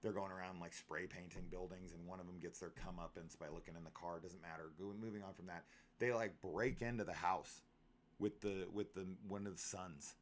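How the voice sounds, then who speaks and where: Exasperated man ranting, low voice. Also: fairly even intonation, brisk, slight background noise. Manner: exasperated, incredulous and profane, with frequent fillers and repeats. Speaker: horror film reviewer. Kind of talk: ranting film review.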